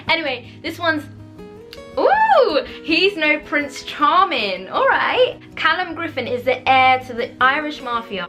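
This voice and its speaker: A woman chatting casually about books she has bought, bubbly and giggly, with animated outbursts. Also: fairly high pitch. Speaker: book vlogger. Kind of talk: casual book haul chat.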